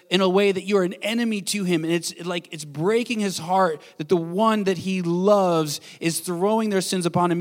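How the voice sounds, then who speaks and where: Earnest pastor preaching in a reverberant hall. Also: male voice, high-pitched. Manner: earnest, swinging from bold to hushed. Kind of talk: sermon. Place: church sanctuary.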